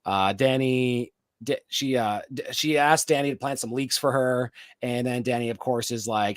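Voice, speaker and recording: A man's voice: mid-range voice, moderate pace, no echo, studio quality. A man co-hosting a podcast, recapping a TV episode in casual chat, rambling with lots of fillers and restarts. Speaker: podcast co-host.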